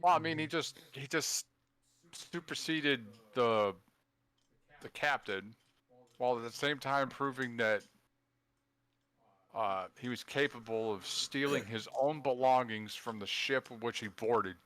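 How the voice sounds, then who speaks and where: Bright-voiced man chatting. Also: medium pitch, unhurried, pauses often. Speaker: player. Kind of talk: casual tabletop game chat.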